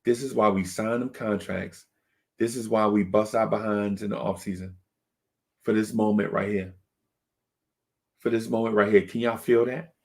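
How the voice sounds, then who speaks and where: A man's voice: on the low side, steady tone, moderate pace, vocal fry, pauses often. A man voicing a fired-up male team captain giving an intense pep talk to his players. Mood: rallying.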